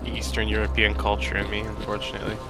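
A man's voice: lowish voice, quick pace, loud music behind the voice. A man chatting casually and joking while playing a co-op shooter with a friend. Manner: joking and excitable. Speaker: co-op gamer. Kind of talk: casual let's-play chat.

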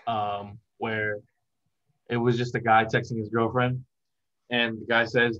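A man's voice: medium pitch, little pitch movement, measured pace, a bit bright. Young man, guest on a chat interview, rambling and laughing, muffled lo-fi sound. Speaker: guest, content creator.

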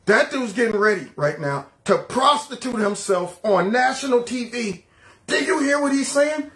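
A man's voice: extremely high pitch, lively intonation, moderate pace, fairly bright tone. A man hosting a political reaction show with sarcastic, mocking commentary. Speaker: commentary host.

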